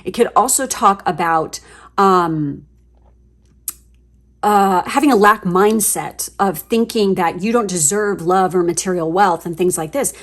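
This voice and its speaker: A woman giving a casual tarot reading to her viewers, chatty and gushing, swearing freely as she gets excited. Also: medium pitch, a little slow. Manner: chatty, with fillers and trailing asides. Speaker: tarot reader.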